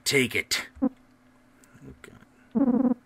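A man voicing a gruff, protective middle-aged man in a low, worn voice. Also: huge pitch swings, extremely slow, exaggerated voice. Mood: pleading.

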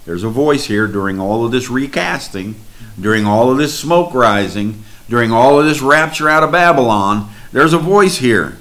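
Slow-preaching man reading scripture. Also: medium pitch, expressive, a bit bright. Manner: slow, drawn-out preaching cadence.

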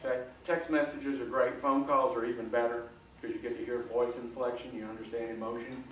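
A middle-aged man giving a folksy, animated motivational talk to a room, coaxing the audience along. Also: mid-range voice, a little fast. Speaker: guest speaker. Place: large lecture room. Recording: echoey room, distant mic, faint hiss.

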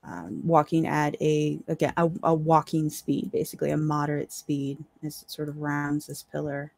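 A woman narrates a tabletop game as dungeon master, laying out each scene in a calm, measured way. She often pauses on fillers. Her voice is recorded dry and close, with no room sound. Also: low voice, vocal fry, dry recording.

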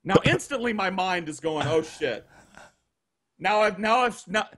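A man's voice: sits high, moderate pace. A man telling a crude anecdote on a podcast, swearing freely and acting out the voices of the people in his story, heard over a video call. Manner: profane, animated, acts out quoted voices. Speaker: guest storyteller.

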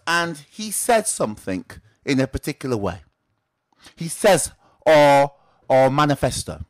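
A man with a high voice that swoops up and down as he teaches. He hosts a weekly trading tip and keeps the talk moving with rhetorical questions that he answers himself. His delivery is lively and animated. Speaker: trading educator and show host. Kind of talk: direct-to-camera teaching talk.

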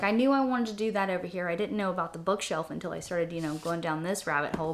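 A young woman talks straight to camera from her she shed in a loose, rambling way. She fills her speech with ums and restarts as she chats along casually. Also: mid-range voice. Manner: chatty, rambling, many fillers and restarts. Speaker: vlogger.

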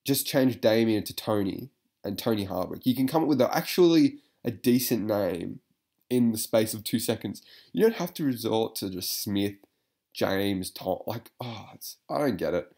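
Rambling guy, slightly low voice. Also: animated, normal speed, a little mellow. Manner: rambling, swears, laughs a lot, many fillers. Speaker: reaction video commentator. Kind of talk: casual reaction commentary.

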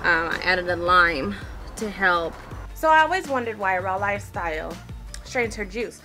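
A woman's voice: mid-range voice, animated, normal speed, sharp tone, soft background music. A woman talking frankly in a casual video diary, complaining and chatting as a vlogger. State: out of breath.

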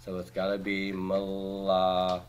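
A man teaching a class, reviewing homework by asking brisk questions and cracking dry jokes. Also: sits low, completely flat delivery, smooth, faint music behind. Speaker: Hebrew teacher.

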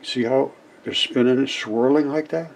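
An older man rambling through an explanation of experiment footage, halting and repeating words as he goes. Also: medium pitch, a little hiss or hum. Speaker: independent science video maker. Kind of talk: casual explanation over footage.

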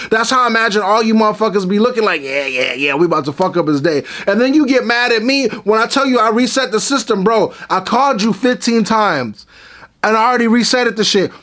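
A man with a strikingly high voice for his sex tears into his subjects in a comedic rant. He swears freely and piles up exaggerations. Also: fairly bright tone. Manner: profane, exaggerated ranting. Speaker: comedy vlogger.

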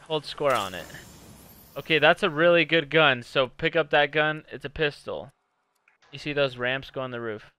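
A man giving casual, excitable commentary while coaching his girlfriend through a video game. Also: a little high, normal speed, clear, resonant tone. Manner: bossy, excitable coaching, swears. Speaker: gaming channel host.

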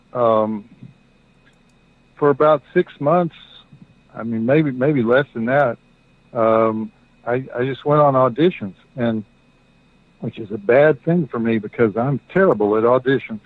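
A middle-aged man telling a story as a guest, halting, with many fillers and restarts. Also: medium pitch, dry recording. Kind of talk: casual storytelling. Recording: dry tinny phone-like line.

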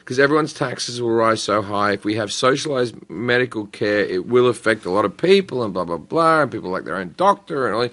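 A talk show host, telling loose, profane stories in casual chat. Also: male voice, lowish voice, a little fast, few pauses. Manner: loose, profane, animated storytelling.

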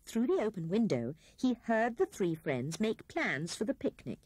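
A woman narrating a children's storybook with expressive, animated storytelling. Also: medium pitch, a little slow, few pauses, slightly rough, dry recording. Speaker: audiobook narrator.

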